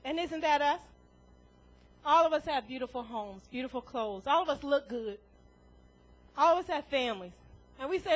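A woman delivers a sermon in a very high voice. She preaches in an animated way, laughs often and acts out the voices she quotes. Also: normal speed, pauses often, soft background music, low-quality recording.

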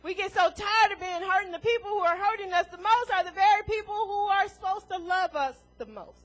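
Woman preacher with a really high voice, punchy, throws out questions, little laughs in between, church sermon. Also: a little fast, fairly bright tone. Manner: emphatic, rhetorical questions, chuckles between points. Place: church before a congregation.

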